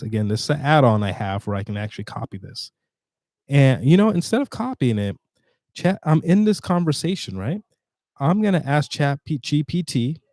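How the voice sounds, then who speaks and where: A man hosting a casual screen-share tutorial, chatty and halting with fillers and restarts, sounding tired. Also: mid-range voice, darkish tone, no room sound, clean studio sound. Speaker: tutorial host.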